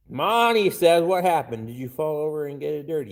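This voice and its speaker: A man's voice: on the high side, expressive, brisk, few pauses. A man chatting casually on a live stream, reading out chat and swearing constantly in a crude, blunt way.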